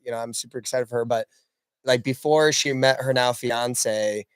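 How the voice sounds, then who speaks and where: A man's voice: mid-range voice, moderate pace, clear, resonant tone, no echo. Man telling a story in casual chat. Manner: animated storytelling, quoting others. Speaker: podcast co-host.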